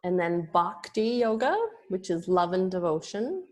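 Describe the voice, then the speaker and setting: Slow, patient woman yoga teacher. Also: lowish voice, lively intonation, darkish tone. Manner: slow, patient explaining with small restarts. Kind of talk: online lesson on terminology.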